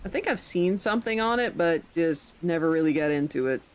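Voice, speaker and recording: Lively, rambling woman streamer. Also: fairly low pitch, brisk, poor audio. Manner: rambling, chatty, occasional swearing. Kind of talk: casual live-stream chat.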